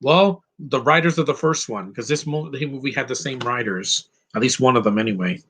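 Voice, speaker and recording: A man's voice: mid-range voice, brisk, a bit bright, husky. A man giving casual live commentary over a film, opinionated and rambling, with frequent fillers and restarts. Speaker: movie commentary host.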